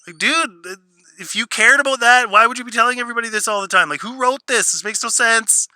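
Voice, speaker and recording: A very high, sharp male voice, a little fast and free of room sound, belongs to a show reviewer ranting through spoilers. Exasperated and sarcastic, he mocks what he covers and delivers its lines in put-on voices.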